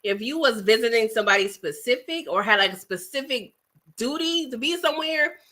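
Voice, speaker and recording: Fairly high-pitched and fairly quick, this bright-voiced New York City woman chats live as a livestream host reading viewer comments. She's animated and talkative, laughing frequently, tossing asides to her audience and eating snacks while talking.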